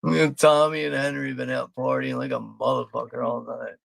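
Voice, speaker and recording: A man's voice: medium pitch, level tone, moderate pace, vocal fry, no echo. A man from Philadelphia hosting a live movie watch party, rambling and swearing with frequent laughs. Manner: profane, rambling, laughing often. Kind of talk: casual live commentary.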